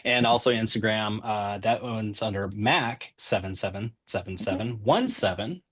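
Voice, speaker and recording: Forties guy, announcer on a podcast, low voice, jokey and rambling with lots of ums. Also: normal speed, fairly bright tone, breathy edge. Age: 40s. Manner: joking, chatty, with filler ums. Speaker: public address announcer, guest. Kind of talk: casual interview chat.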